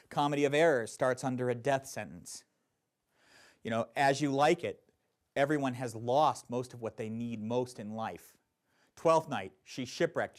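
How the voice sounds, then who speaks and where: A man teaching a Shakespeare acting class, explaining verse in an animated way with playful asides. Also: mid-range voice. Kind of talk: classroom instruction.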